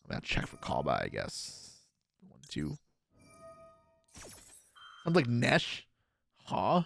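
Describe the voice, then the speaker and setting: A man's voice: mid-range voice, wildly swooping pitch, slow pace, vocal fry, fairly bright tone, soft background music. A man casually commentating his own card game play on a live stream, joking and swearing. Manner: laid-back, jokey, swears and laughs often.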